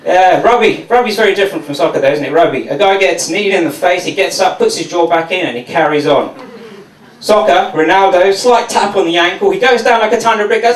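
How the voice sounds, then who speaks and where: A stand-up comedian from Mauritius, doing a sardonic, profane routine at a comedy venue. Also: male voice, high-pitched, fairly quick, background noise. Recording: echoey room from a distance.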